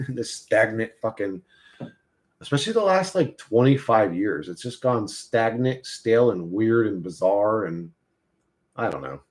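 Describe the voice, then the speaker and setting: A man's voice: fairly low pitch, animated, normal speed, a little mellow. A man hosting a casual livestream, rambling and swearing as he talks to his chat and to his dog. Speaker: livestream host.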